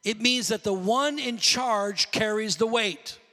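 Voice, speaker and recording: A pastor delivers a fervent sermon in a voice unusually high for a man, bright and forceful. He keeps a measured pace but often rises into shouts. The long reverb of a large hall surrounds his words.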